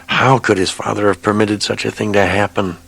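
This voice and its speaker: A man reading an audiobook voicing a panicked young male army officer, anguished and shouting orders. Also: fairly low pitch, fairly even intonation, fairly quick, gravelly, husky, voice pushed up, heavily acted.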